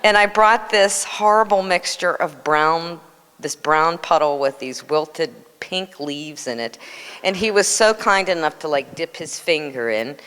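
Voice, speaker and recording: A woman in her sixties telling a personal story at a reunion, with lively acted voices. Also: deep voice, a little slow, clean tone, long reverb tail. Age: 60s. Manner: animated storyteller who acts out voices. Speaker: devotee sharing memories.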